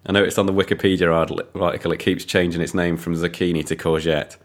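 A man's voice: sits low, little pitch movement, fast talker. A man reviewing films on a podcast in casual chat, rambling and enthusiastic with lots of ums.

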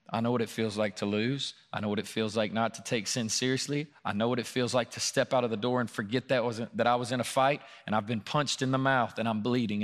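This earnest sermon comes from a pastor with a fairly low voice, speaking in a church room. He rises in pitch and volume for scripture and softens to a quiet tone for his personal stories.

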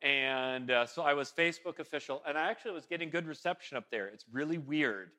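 Bright-voiced man telling a sermon story. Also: on the high side, fairly quick. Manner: casual, rambling, self-deprecating, many fillers and restarts. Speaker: pastor.

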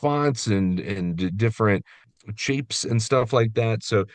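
A man's voice: on the low side, slow pace, no room sound. A man co-hosting a podcast, chatting with enthusiasm about a favorite children's book. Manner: enthusiastic, animated, reads book lines aloud. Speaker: podcast co-host. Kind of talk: casual chat.

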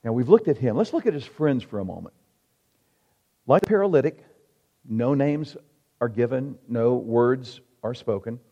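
A male pastor delivering a sermon, emphatic, with rhetorical questions and dramatic pauses. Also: mid-range voice, lively intonation, dark tone. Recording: reverberant hall, dull lo-fi sound.

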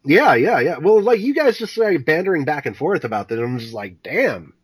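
A man's voice: fairly high pitch, very animated, a little fast, slightly rough, dry recording. A man on a podcast, rambling casually with many fillers and repeated words. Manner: rambling, filler-heavy, self-deprecating.

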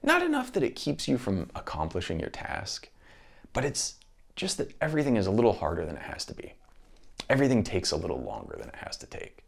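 A man's voice: low voice, gravelly. A man talking through his thoughts in a casual monologue, rambling and restarting often.

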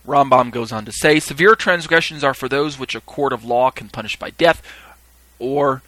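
A man reading scripture aloud and teaching on it, stressing key words slowly and breaking off into halting asides. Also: mid-range voice, sharp tone, dry recording, low-quality recording. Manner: halting asides with fillers and restarts. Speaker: Bible teacher.

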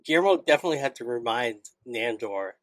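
A man's voice: medium pitch, animated, quick pace, no room sound, poor audio. A man chatting casually on a podcast, recapping an episode with loose, filler-heavy talk.

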